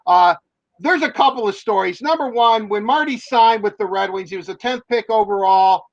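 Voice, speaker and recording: A man's voice: high voice, moderate pace, dry recording, highs cut off. A man, a hockey reporter, telling long rambling stories in casual chat, with many fillers and restarts.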